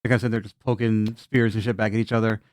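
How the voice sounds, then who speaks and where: Profane laughing game master, dry mic. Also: male voice, lowish voice, flat delivery, rapid-fire, darkish tone, dry recording. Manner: laughing, loose and profane, many restarts. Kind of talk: narrating a tabletop game.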